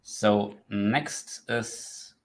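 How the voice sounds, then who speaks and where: A man's voice: on the low side, extremely slow, low-quality recording. A man hosting an online tech event, thanking a speaker and chatting loosely with lots of "like" fillers. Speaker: event host and moderator. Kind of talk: casual moderation between talks.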